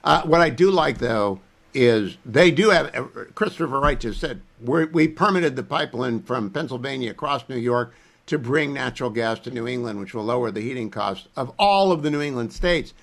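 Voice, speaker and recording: A man's voice: medium pitch, animated, moderate pace, creaky, a bit bright. A man hosting a political talk radio show, emphatic and opinionated, firing off questions to his guests.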